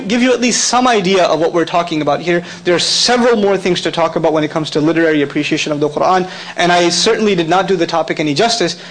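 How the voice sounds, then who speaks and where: High-voiced man lecturing a convention crowd. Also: fairly bright tone, poor audio. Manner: conversational, jokey, quizzes the audience. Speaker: convention speaker. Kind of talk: lecture to a live audience.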